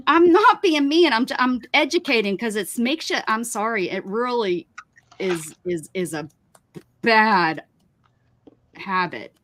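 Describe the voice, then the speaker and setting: A woman's voice: a little high, animated, takes it slowly, pauses often, fairly bright tone. A woman hosting a craft livestream, chatting casually and ranting emphatically about her pet peeves. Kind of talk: casual chat.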